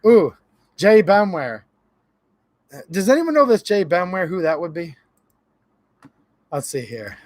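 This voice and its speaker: Jokey male streamer chatting with viewers; high, gravelly tone, recorded dry. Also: very animated, slow pace, pauses often, a little mellow, dry recording. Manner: laughs a lot, reads chat aloud, jokey. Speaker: livestream host. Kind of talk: casual live-stream chat.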